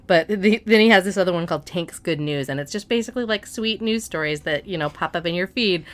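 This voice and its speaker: A woman's voice: fairly low pitch, fast. A middle-aged woman co-hosting a podcast in loose, profane, joking casual chat. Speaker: podcast co-host.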